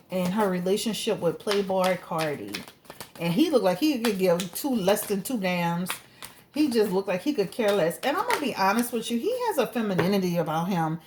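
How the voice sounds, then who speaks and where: A woman hosting her own tarot channel, chatting in a lively, gossipy way with laughing asides. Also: medium pitch. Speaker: tarot reader and channel host. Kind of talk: casual gossip chat before a tarot reading.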